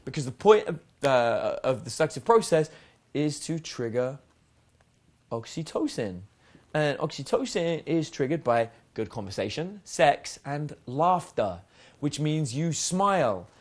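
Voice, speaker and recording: Animated male dating coach. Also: fairly high pitch, a little slow. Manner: lively, swears casually, demonstrates voices. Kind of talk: spoken seminar lesson.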